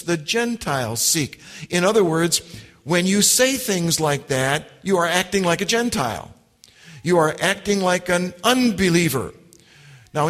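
Male preacher, slightly high voice, unhurried emphatic delivery, long hall reverb. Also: a bit bright. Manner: slow, deliberate preaching with emphatic repetitions. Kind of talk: sermon.

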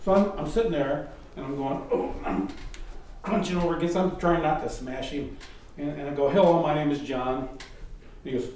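A man, a guest, telling a personal missionary story in a casual, animated way and mimicking the voices of people in it. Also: a little high, brisk. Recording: distant mic in a very echoey room, faint noise.

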